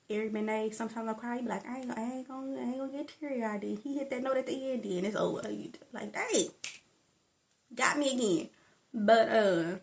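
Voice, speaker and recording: A woman talks through her favorite comedy in a loose, tangent-prone vlog chat, laughing often. Her voice sits a little high with a gravelly edge. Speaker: vlogger. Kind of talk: casual chat about stand-up comedy.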